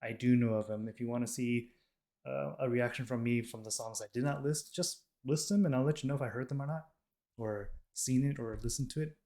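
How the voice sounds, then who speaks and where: This US-based K-pop reaction channel host has a warm, medium-pitched voice with fairly even intonation and a slightly fast pace. Talking casually to camera, he wanders through his thoughts, dropping many ums and often restarting or correcting what he says.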